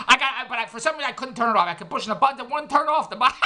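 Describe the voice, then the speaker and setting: A man's voice: very high-pitched, racing, few pauses, noisy background. A man in his fifties telling a rambling comic story, repeating himself and making wry self-mocking asides.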